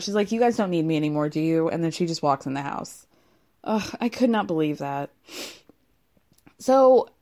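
Young woman, casual recap, fired-up and profane, mid-range voice. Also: mid-range voice. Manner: exasperated, profane, animated ranting. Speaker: reality TV recapper.

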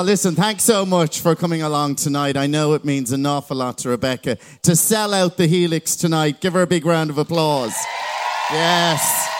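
High-voiced Irish man warming up a crowd. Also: slight background noise. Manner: chatty, teasing banter with the crowd. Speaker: master of ceremonies. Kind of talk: live stage introduction to an audience. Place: large concert venue, crowd present.

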